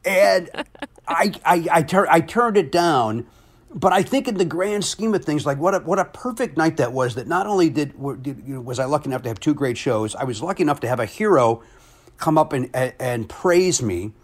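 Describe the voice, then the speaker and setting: A comedian and game show host telling a story in casual conversation, animated and self-deprecating. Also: male voice, fairly high pitch, normal speed.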